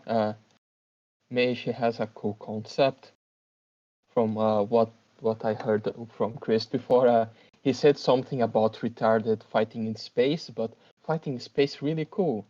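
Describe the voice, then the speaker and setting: A man who is not a native English speaker, a tabletop player, talking haltingly and searching for words. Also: medium pitch, dark tone, muffled recording. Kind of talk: casual chat.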